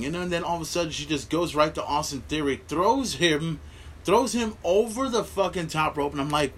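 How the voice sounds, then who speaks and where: A man's voice: on the high side, expressive, moderate pace, a bit bright, a little hiss or hum. A man hosting a podcast, recapping a wrestling show in a rambling, profane way, with many fillers. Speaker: podcast host.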